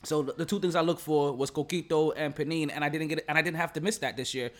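Rambling, laughing podcast host. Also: male voice, on the high side, fairly even intonation, fast. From Jamaica. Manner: rambling, repeats words, laughs often. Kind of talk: casual podcast chat. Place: relative's home, not a studio.

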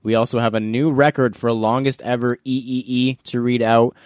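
A man's voice: medium pitch, level tone, normal speed, darkish tone, clean tone, dry recording, studio quality. A man hosting a casual podcast, joking and laughing often as he talks. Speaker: podcast host.

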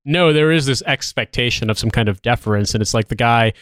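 A man's voice: medium pitch, fairly quick, a bit bright, clean tone, no echo, studio quality. A man from the United States in casual comedic chat, rambling and sardonic.

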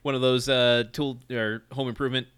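Bright-voiced man laughing through a recap. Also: mid-range voice, fairly quick, clean tone. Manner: laughs often, animated retelling. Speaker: podcast co-host. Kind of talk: casual chat recapping a sitcom episode.

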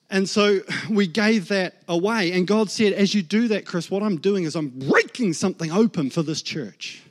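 In a somewhat high, slightly mellow voice, a New Zealand-accented man in his thirties tells his own story as a guest preacher. His sermon testimony features him acting out his inner voices and God's words.

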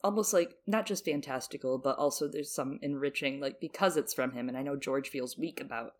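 A young adult woman co-hosting a podcast in casual chat, animated and laughing, swinging between loud bursts and soft asides. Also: a bass voice, fairly quick. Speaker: podcast co-host.

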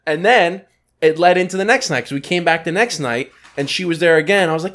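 A young man from New York, co-hosting a podcast and telling a story casually, with frequent swearing. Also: a little high. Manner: storytelling, swearing, quick animated retelling. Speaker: podcast co-host. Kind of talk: casual chat.

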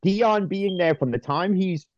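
A man's voice: sits high, measured pace, darkish tone, dry recording. A man co-hosting a sports podcast, talking casually and ranting heatedly with swearing. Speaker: podcast co-host. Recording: dry, dull lo-fi mic.

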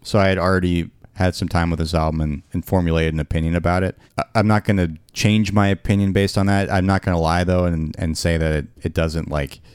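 A man co-hosting a casual album review chat, talking in a relaxed, rambling way with frequent restarts. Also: low voice, a little fast, few pauses, clear, resonant tone, dry recording, studio quality. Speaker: podcast co-host reviewing an album.

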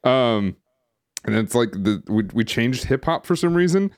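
A man's voice: medium pitch, animated, unhurried. A man co-hosting a casual podcast, rambling with lots of fillers and restarts. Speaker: podcast co-host. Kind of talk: casual chat. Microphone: streaming setup microphone.

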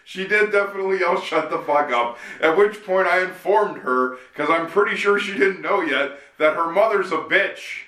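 A man co-hosting a comedy podcast with a bright, slightly high voice, tossing off quick retorts. He sits back from the mic in an echoey room. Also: far from the mic. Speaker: podcast co-host. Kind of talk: casual comedic podcast chat.

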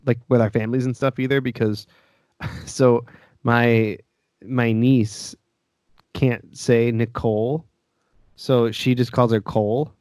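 A man's voice: medium pitch, level tone, slow, pauses often, darkish tone, dry recording. Man, casual podcast co-host, easygoing and rambling, dry close mic. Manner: easygoing, laughs often, rambling. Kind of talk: casual chat.

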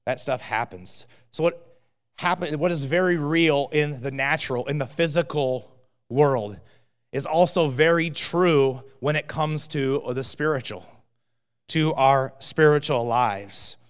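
Male pastor, casual storyteller with a smooth tone; recorded with long hall reverb. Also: on the high side, unhurried. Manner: conversational storyteller, many fillers. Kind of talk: sermon with personal story.

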